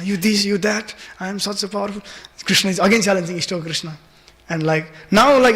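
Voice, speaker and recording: A man's voice: sits high, fairly bright tone. A man giving a devotional scripture class in a temple hall, telling stories with many fillers and acting out the voices.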